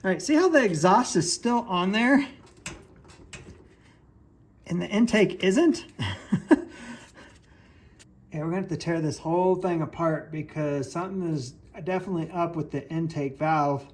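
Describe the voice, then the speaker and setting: A small engine repair technician giving a casual hands-on walkthrough in a repair shop, relaxed and plain-spoken, thinking aloud while working. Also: mid-range voice, moderate pace.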